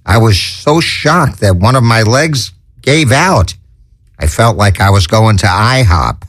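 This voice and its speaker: A man with a lowish voice hosts a homemade comedy show, reeling off corny one-liners at an unhurried pace. He stumbles and restarts, then chuckles at his own puns. The sound is close and dry. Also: animated, a bit bright, dry recording. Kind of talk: corny stand-up patter.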